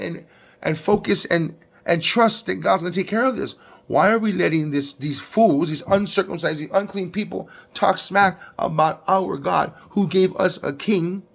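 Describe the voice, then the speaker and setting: A man giving a casual devotional Bible recap, preaching with lively slang and acting out quotes. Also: sits high, gravelly. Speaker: Bible teacher.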